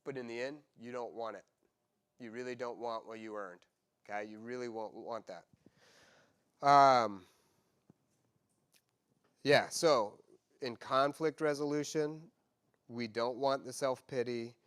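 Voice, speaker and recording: A man pastor preaching a sermon, animated and conversational, acting out quoted voices with humor. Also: medium pitch, slow pace, pauses often, clean tone.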